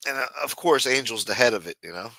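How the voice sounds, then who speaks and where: A man's voice: mid-range voice, animated, quick pace, bright, forceful tone, dry recording. A man hosting a livestream, chatting casually and profanely to his chat and acting out quotes as he retells stories. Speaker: livestream host.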